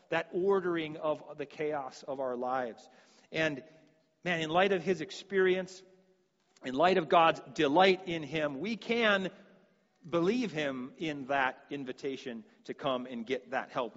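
A man's voice: a little high, a bit bright, long reverb tail, lo-fi sound. A man preaching a sermon, earnest and given to repeating words as he restarts his sentences.

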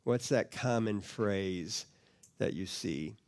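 A man's voice: lowish voice, slow, a little mellow. A man preaching and teaching to a live audience in a conversational way, often repeating words and putting questions to the listeners. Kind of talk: teaching sermon.

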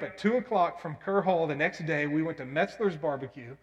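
A man preaching a sermon, telling stories earnestly and breaking into loud, emphatic bursts. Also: on the high side, fairly quick, lo-fi sound. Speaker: pastor. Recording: long hall reverb.

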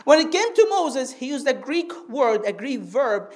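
A woman preaches to her congregation, very animated, in a high and bright voice. She teaches patiently, keeps prompting for an amen, and slows right down to draw out the phrases she most wants to stress.

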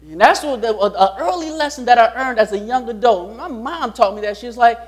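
A man's voice: very high voice, lively intonation, brisk. A pastor preaching a sermon, repeating his key lines and putting rhetorical questions to the congregation.

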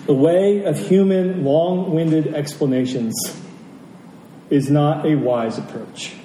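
Mellow-voiced preacher in a roomy hall. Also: male voice, a little high, slow pace, a little hiss or hum. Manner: emphatic, rhetorical questions, repeats key phrases. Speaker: pastor. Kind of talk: sermon. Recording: roomy, distant from the mic, faint ambience.

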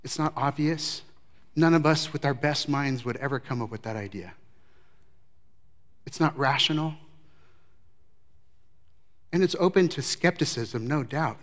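A middle-aged male pastor preaching a sermon, telling the story with lively emphasis that drops to soft, low passages. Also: a little slow, long pauses.

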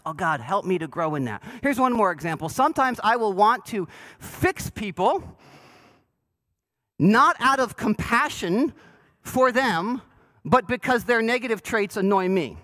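Pastor, male, high and lively voice, chatty and self-deprecating, asks the room questions. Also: moderate pace, low-quality recording. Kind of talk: sermon. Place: church sanctuary.

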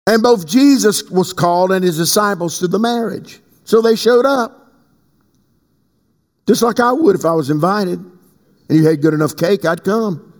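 In a church sanctuary, a male pastor preaches a sermon, swinging from slow, emphatic stretches to sudden high leaps. The recording has long hall reverb.

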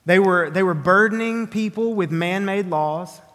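A man's voice: high-pitched, measured pace, fairly bright tone, in a large hall. A man with a Southern drawl preaching an earnest, emphatic sermon, often restarting his phrases. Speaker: pastor.

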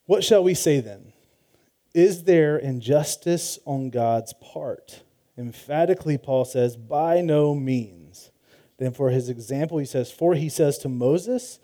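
A man's voice: mid-range voice, dark tone. A man preaching a sermon, talking through scripture conversationally with fillers and restarts. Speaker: pastor.

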